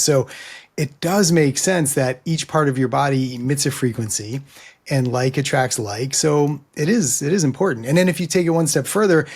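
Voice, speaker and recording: A podcast host interviewing a guest, speaking in a measured, thoughtful way with filler ums. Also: mid-range voice, darkish tone, slightly rough. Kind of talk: interview conversation.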